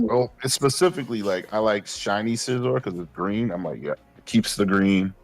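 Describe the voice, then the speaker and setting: A man, co-hosting a podcast and telling animated, profane stories, acting out his past self. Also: fairly low pitch, normal speed, soft background music. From Queens, New York. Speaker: podcast co-host. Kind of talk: casual chat.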